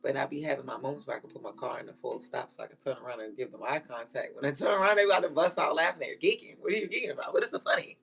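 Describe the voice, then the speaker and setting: A woman who is a mother, telling stories in a blunt, profane, animated way and laughing often. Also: a bass voice, very fast, gravelly, hardly any pauses, breathy edge. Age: adult with children. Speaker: vlogger. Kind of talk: casual storytelling rant.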